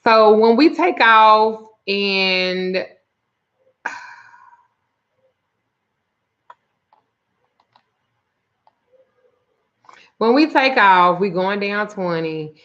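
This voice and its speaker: A woman's voice: medium pitch, very slow, long pauses, a bit bright, highs cut off. A woman who does spiritual readings and root work, telling a profane, exasperated story in a casual livestream and greeting viewers by name. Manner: reads viewer names aloud. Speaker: spiritual reader and root worker.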